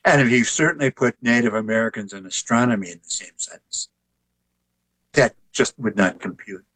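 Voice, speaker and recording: Older man, husky voice, easygoing storyteller, interview guest. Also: on the low side, normal speed, rough recording. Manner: relaxed storyteller who jokes. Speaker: author and artist, interview guest.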